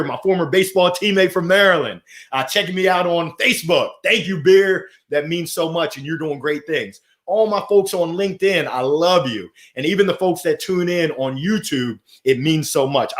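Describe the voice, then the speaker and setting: A middle-aged man hosts a live motivational stream, slightly high-pitched and upbeat. He swings from soft to loud as he reads out viewer comments and answers them. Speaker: host of a weekly motivational livestream.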